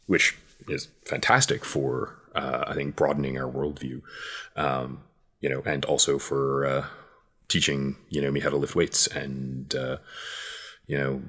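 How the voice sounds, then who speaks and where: A man with an extremely deep voice talks in a casual conversation. He rambles thoughtfully, filling pauses with "um" and "you know" as he works through his points. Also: level tone, bright, forceful tone, slightly rough. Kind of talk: casual chat.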